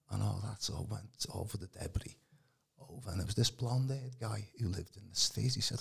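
A man telling his personal testimony in a casual, animated way. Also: lowish voice, brisk, creaky, husky. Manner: animated, acts out quoted voices, calls the host mate. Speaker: guest giving testimony. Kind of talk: casual storytelling.

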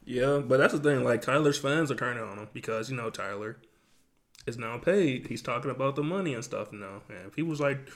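A man's voice: mid-range voice, fairly quick. Laid-back opinionated young man. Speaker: podcast co-host. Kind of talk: casual chat.

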